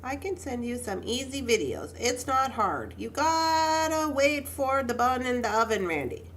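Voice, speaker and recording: Her voice sits high, sing-song and a bit bright, and she takes her time. The pregnant young woman strings beads on a casual livestream, chatting with viewers, welcoming them by name, and talking to herself as she goes.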